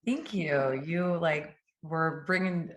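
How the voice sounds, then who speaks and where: A woman hosting an interview, responding to her guest with warm, affirming empathy. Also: low voice, lively intonation, slow pace, roomy sound, slight background noise. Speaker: host and coach. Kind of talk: interview conversation.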